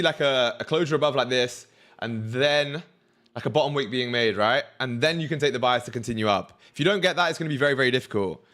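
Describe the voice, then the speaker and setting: A young man hosts a casual trading livestream, talking to his chat in slangy, hyped-up style and thinking out loud. His voice is mid-range and a bit bright.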